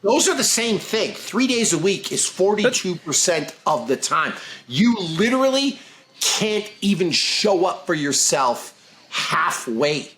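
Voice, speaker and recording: A man's voice: high voice, sing-song, unhurried, fairly bright tone. A man hosting a podcast in casual chat, blunt and emphatic as he lectures. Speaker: podcast host.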